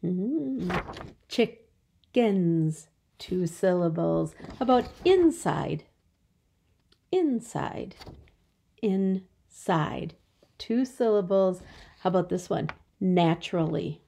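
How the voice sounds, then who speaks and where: A teacher giving a phonics lesson to young children, stretching out words slowly so they can count the syllables. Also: female voice, lowish voice, animated, vocal fry, dark tone, breathy edge.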